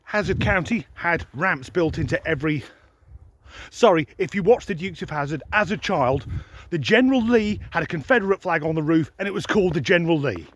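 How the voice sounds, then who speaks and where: A man's voice: a little high, lively intonation, fairly quick, fairly bright tone, slight background noise. Sardonic, sweary man ranting. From United Kingdom. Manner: sardonic, sweary, mock-incredulous. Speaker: comedy vlogger. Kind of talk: comic rant to camera.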